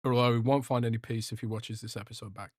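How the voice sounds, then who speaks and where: A man's voice: medium pitch, steady tone, fast talker, a little mellow, dry recording, studio quality. A young man hosting a casual livestream podcast, joking and rambling as he reads out chat. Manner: rambling, joking, swears a lot, trails off. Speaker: podcast host reading live chat.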